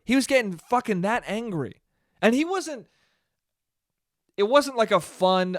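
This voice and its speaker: A man's voice: high voice, expressive, normal speed, no echo, clean studio sound. Sarcastic, swearing young man ranting. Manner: sarcastic, swears a lot, swings from yelling to mumbling. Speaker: podcast host. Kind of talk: solo comedic rant.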